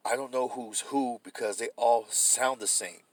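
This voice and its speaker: A man with a deep, booming voice co-hosting a casual comedy podcast, loose and joking, swearing freely and acting out quotes. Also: fairly even intonation, moderate pace, no room sound. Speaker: podcast co-host.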